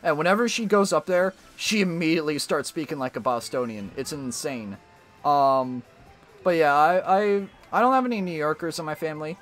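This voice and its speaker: An American man streaming a racing game, chatting in a rambling, animated way with frequent restarts. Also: a little high, normal speed, faint music behind. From United States. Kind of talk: casual gaming chat.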